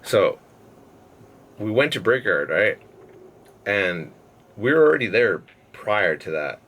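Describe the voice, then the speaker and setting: A man's voice: lowish voice, very animated, slow, a bit bright. A young man, a podcast guest, telling a rambling, profane story in casual chat and laughing between phrases.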